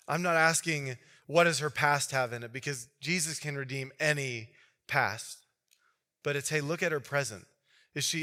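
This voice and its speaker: A male pastor preaching in a loose, conversational style, voice bright and forceful, pitched slightly high. He tells the story with lively, animated asides. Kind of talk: sermon.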